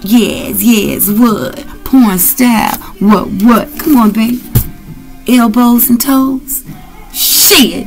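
A brash woman with gives a loose, profane tarot reading. Her voice sits fairly high, and her delivery is rowdy and playful. Faint music plays behind her. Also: fairly even intonation, drawn-out words, creaky, low-quality recording. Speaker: tarot reader.

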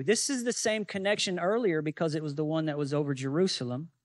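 A man's voice: a little high, animated, fairly quick, hardly any pauses, dry recording, clean studio sound. A male pastor preaching a sermon, teaching from scripture with many rhetorical questions to the congregation.

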